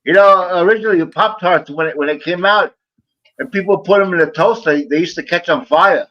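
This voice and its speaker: A man's voice: high voice, brisk, sharp tone. Talkative man on a dull lo-fi line. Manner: talkative, tells stories with many stumbles. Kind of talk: casual chat.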